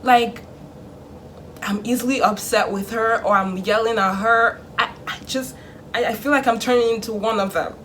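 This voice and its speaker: A young woman vlogging in casual chat, animated, acting out her parents in a hushed voice. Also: a little high, normal speed, a little hiss or hum.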